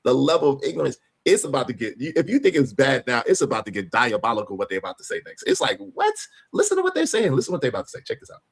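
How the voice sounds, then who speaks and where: A man hosting a live stream, reacting to a clip with loud, mocking commentary. He laughs often and repeats phrases for emphasis. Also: mid-range voice, huge pitch swings, racing, vocal fry, few pauses, breathy edge. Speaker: livestream host.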